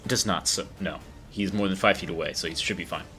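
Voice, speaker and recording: A man running a tabletop game as game master, narrating the action in a halting way with many fillers. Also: low-pitched, pushed and bright, faint music behind.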